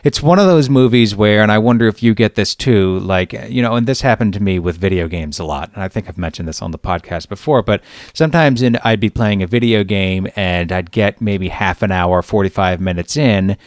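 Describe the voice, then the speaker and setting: A man's voice: on the low side, a little fast, hardly any pauses, no room sound, clean studio sound. A middle-aged man hosting a podcast, telling stories in a wry, exasperated way during casual chat. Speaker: podcast host.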